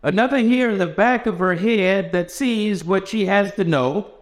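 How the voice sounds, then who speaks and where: A man's voice: high voice, moderate pace, pitched above the performer's own voice, close to an everyday voice. A man reading the part of the Lord, an eager male creator, in an earnest, heightened way.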